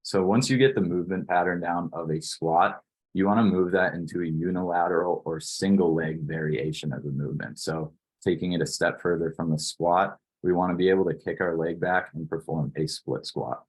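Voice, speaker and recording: A man in his twenties from Wisconsin, a strength coach giving a steady, instructional online presentation with plenty of "you know" fillers. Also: low-pitched, fairly quick, breathy edge. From Wisconsin, USA.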